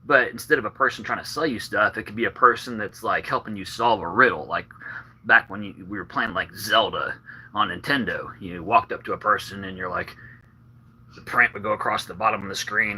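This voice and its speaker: A man's voice: on the low side, fairly quick, bright, forceful tone, slight background noise, low-quality recording. A man rambling casually on a live stream, slightly out of breath, with meandering talk full of fillers and restarts.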